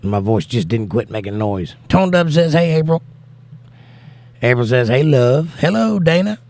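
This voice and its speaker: A man's voice: medium pitch, expressive, a little slow, a little mellow. An American man hosting a casual livestream, reading viewer comments aloud and answering them, tired from no sleep. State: tired, has not slept. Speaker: livestream host reading chat.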